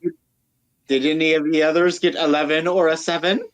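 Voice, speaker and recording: A man's voice: fairly high pitch, fairly even intonation, fairly quick. A man playing a tabletop game, earnest and eager in casual chat. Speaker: player.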